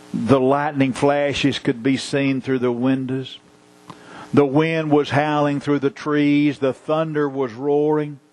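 A man with a mid-range, darkish-toned voice preaches a sermon, using measured, rhythmic repetition and illustrative stories. The recording is rough.

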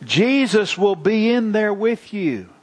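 A coaxing young mother, put on by a male preacher in a sermon story, her voice raised and gentle. She stays patient and reassuring as she talks her child out of his fear. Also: high-pitched, very animated, slow, faint music behind, voice pushed up, exaggerated voice.

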